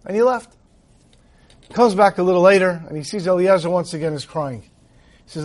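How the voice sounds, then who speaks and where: A man's voice: sits high, normal speed. A man teaching a Torah lecture, retelling a story and acting out its dialogue. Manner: animated storyteller who acts out dialogue. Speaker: rabbi teaching.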